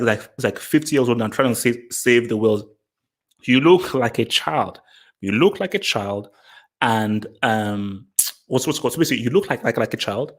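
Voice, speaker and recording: A man hosting a casual question-and-answer talk to camera, blunt and emphatic, repeating himself with many fillers. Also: medium pitch. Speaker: host answering viewer questions.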